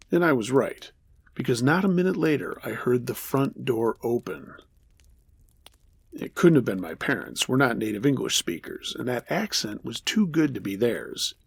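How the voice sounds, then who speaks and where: A man narrating a true horror story as the host of a storytelling show, measured with dry humor. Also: medium pitch, gravelly, slightly rough.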